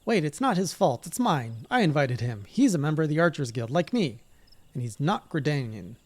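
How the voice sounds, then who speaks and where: A man's voice: a little high, big pitch swings, moderate pace, voice pushed up. A man voicing an earnest young woman archer in a game, speaking in a pleading, heartfelt way.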